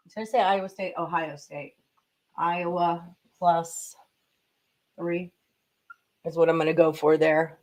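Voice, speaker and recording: Female host, young adult, lower-pitched, loose rambling livestream chatter about betting picks. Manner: chatty, rambling, frequent ums and laughs. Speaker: sports betting show host. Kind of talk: casual livestream chat.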